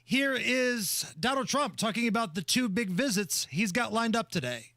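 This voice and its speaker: A male co-host on talk radio, setting up each bit in a playful storytelling way. His voice is high and bright, and the studio sound is dry. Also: lively intonation, moderate pace, no room sound.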